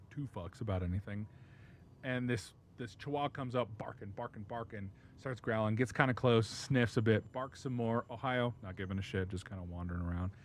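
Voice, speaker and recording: A man's voice: on the low side, slight background noise. A man streaming and telling a rambling dog story, laughing often and swearing freely. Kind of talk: casual chat.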